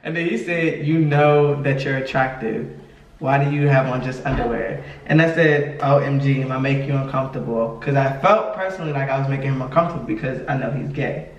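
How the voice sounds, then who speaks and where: A man's voice: medium pitch, a little fast, lo-fi sound. A man telling a story in casual chat, acting out the other people's lines and laughing often. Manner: animated, acts out quoted dialogue, laughs often. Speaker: podcast co-host telling a story. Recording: echoey room from a distance.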